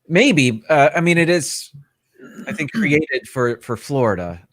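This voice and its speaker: A man's voice: fairly high pitch, very animated, unhurried, dry recording, studio quality. A man guesting on a casual chat, talking earnestly and with enthusiasm.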